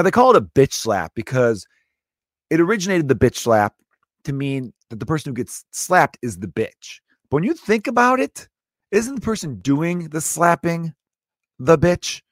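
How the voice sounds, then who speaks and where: A male comedian hosts his podcast in a loose, rambling monologue that is full of profanity and restarts. His voice sits at an ordinary pitch for a man. The sound is dry and close, with no room echo. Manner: rambling, profane, self-interrupting. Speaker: podcast host.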